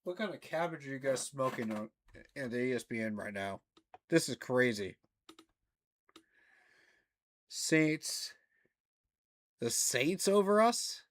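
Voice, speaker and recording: A man's voice: mid-range voice, a little fast. A man ranting casually about rankings as a fan channel host, incredulous, with laughing asides. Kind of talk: casual reaction commentary.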